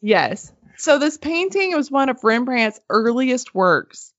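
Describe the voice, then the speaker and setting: A woman casually telling a story on a podcast, animated and swearing freely, laughing as she goes. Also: sits high, slow, no echo. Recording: slightly muffled dry podcast audio.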